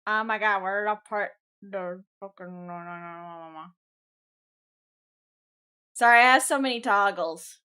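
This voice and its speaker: A woman's voice: medium pitch, a little slow, pauses often, pushed and bright, clean tone. A woman streamer chatting casually with her viewers during a game stream, blunt and swearing freely. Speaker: VTuber streamer.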